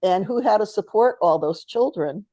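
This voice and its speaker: A middle-aged woman co-hosts a spiritual talk show on a podcast, chatting casually, telling stories and laughing often. Her voice is medium-pitched and warm, with lively intonation and a moderate pace, captured in a dry recording.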